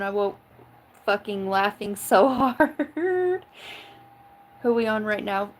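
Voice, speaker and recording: A woman's voice: mid-range voice, slow pace, long pauses, slight background noise, rough recording. Laughing, foul-mouthed woman chatting live. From Oklahoma. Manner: laughs often, swears freely, chatty and joking. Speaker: tarot reader reading live chat. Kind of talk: casual livestream chat.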